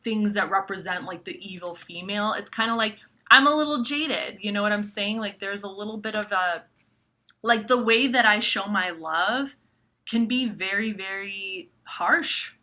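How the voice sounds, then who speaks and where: Bright-voiced woman ranting freely. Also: medium pitch, moderate pace. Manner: animated, swears, many likes. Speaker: astrology vlogger. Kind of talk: casual monologue to camera.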